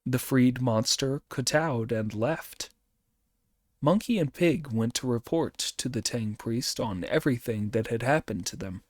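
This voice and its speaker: A man narrating an audiobook in an expressive reading. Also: medium pitch, measured pace, dry recording, studio quality.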